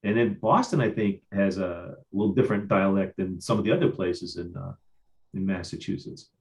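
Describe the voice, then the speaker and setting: A man's voice: low-pitched, moderate pace. A man with a Midwestern accent hosting an interview, chatty and telling stories with frequent stammers and repeats. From Ohio. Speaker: host. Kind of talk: casual interview chat.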